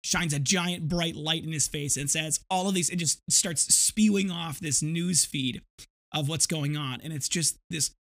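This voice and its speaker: A man's voice: fairly high pitch, a little slow, vocal fry, fairly bright tone. A man in his thirties hosting a podcast, telling a rambling, vivid story with frequent restarts. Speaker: podcast host. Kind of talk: casual storytelling monologue.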